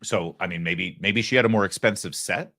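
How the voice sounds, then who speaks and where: A man's voice: low-pitched, brisk, bright, forceful tone, no room sound. A man hosting a political talk show, talking with sarcastic, mocking asides from a studio. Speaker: host.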